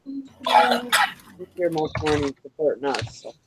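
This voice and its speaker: A man with a light Minnesotan accent and a fairly high voice chats casually on a live show. He repeats words for emphasis and laughs often. A faint hiss runs under him. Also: sing-song, slow pace. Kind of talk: casual chat.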